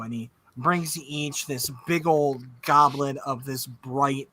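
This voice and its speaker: A man's voice: medium pitch, steady tone, slow, pushed and bright. A man narrating a tabletop game as game master, casual and loose with salty asides.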